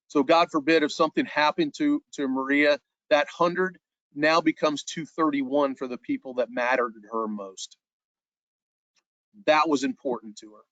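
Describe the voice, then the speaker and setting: A man's voice: fairly high pitch, a bit bright, no echo, lo-fi sound. Earnest man presenting a sales webinar. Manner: earnest, repeats words as he restarts phrases.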